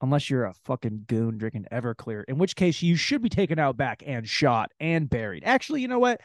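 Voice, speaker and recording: A man hosting a solo comedy podcast, telling crude, rambling stories in an animated way. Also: mid-range voice, fairly quick, no room sound, studio quality. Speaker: podcast host.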